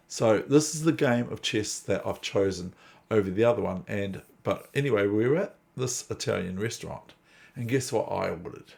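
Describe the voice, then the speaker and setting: A man's voice: lowish voice, normal speed, vocal fry, darkish tone. A man hosting a chess channel, talking in a chatty, digressive, self-deprecating way. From New Zealand. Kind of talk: casual rambling commentary.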